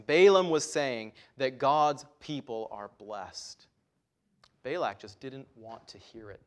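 Earnest male preacher with rising emphasis. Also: mid-range voice. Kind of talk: sermon.

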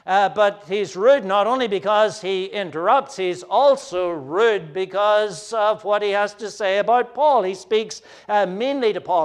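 A man preaching an expository sermon, earnest and explanatory, often pausing on fillers and turning to speak to the children. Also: high-pitched, smooth.

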